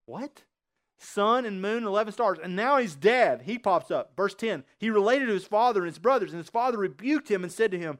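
A man preaching a sermon, often pausing to ask his listeners questions and then answer them himself. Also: sits high, animated. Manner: asks the congregation rhetorical questions.

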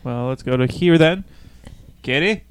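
A man's voice: mid-range voice, expressive, measured pace, a crowd in the background. A man hosting a casual podcast, clowning around during a sound check and chanting silly phrases into a studio mic. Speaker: podcast host. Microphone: studio mic with headphones.

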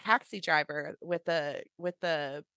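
A woman co-hosts a podcast over a video call, blunt and emphatic, quick to joke. Her voice sits a little low for a woman. The recording is dry and close, with no room sound. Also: sharp tone, clean tone, no room sound. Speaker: podcast co-host. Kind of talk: casual chat.

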